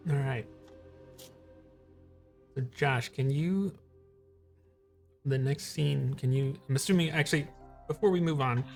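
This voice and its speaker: A man running a tabletop game as game master, playful and quick to laugh. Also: medium pitch, gravelly, soft background music. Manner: playful, joking, laughs a lot.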